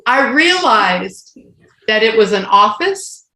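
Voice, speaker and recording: A woman's voice: on the high side, slow pace. A woman in her sixties, co-hosting a casual talk and telling a personal story, acting out the dialogue. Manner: animated storyteller who acts out quoted dialogue. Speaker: co-host. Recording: roomy echo.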